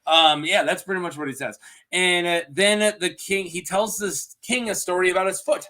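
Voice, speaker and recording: A man chatting casually on his own as a show reviewer, laughing often and slipping into quick, goofy character voices. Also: sits high, sharp tone. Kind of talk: casual solo review chat.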